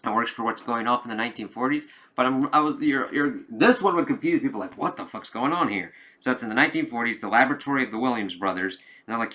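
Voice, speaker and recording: A man giving a casual, rambling review of a comic book, swearing often and acting out dialogue in lively voices. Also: medium pitch, fast talker, hardly any pauses. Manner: profane, rambling, with many "like" fillers.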